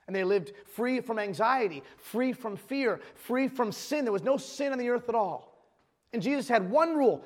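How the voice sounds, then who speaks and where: Male pastor, emphatic sermon delivery with restarts, high voice, long church hall reverb. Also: lively intonation, moderate pace. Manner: emphatic, restarts phrases, reads scripture aloud.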